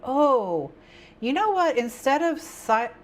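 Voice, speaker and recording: A woman's voice: sits high, very animated, slow. A woman hosting a casual craft stream, thinking aloud and chatting with viewers in a rambling way. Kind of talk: casual chat with viewers while planning.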